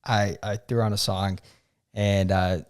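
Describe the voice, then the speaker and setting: A man's voice: fairly low pitch, flat delivery, unhurried, clear, resonant tone. A young man co-hosting a podcast, telling a story earnestly and emotionally, with many fillers and restarts. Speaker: podcast co-host. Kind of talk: casual chat.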